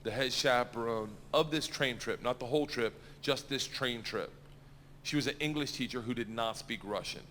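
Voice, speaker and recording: A middle-aged man telling a story in stand-up, loud and animated, laughing at his own asides. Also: mid-range voice, normal speed, long reverb tail, a little hiss or hum. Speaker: stand-up comedian. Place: stage.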